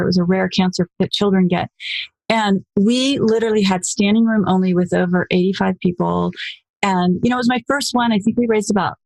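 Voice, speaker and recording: Woman in her 40s, guest storyteller, lively, acts out quotes, dry close mic. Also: vocal fry, no echo. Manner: animated, acts out quoted voices with pitch jumps. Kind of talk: casual storytelling interview.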